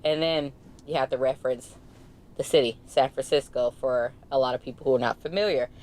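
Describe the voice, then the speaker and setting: A young woman from the Bay Area co-hosting a podcast in casual chat, animated and quick to laugh. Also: a bass voice. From California, Bay Area. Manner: animated, laughs often, mimics accents. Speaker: podcast co-host.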